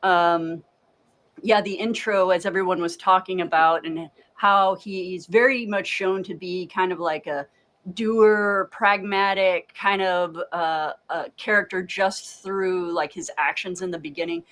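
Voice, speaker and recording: A woman's voice: on the low side, fairly even intonation, a little slow, a bit bright, rough recording. A woman game master chatting casually about a tabletop game, enthusiastic and full of praise, with many fillers.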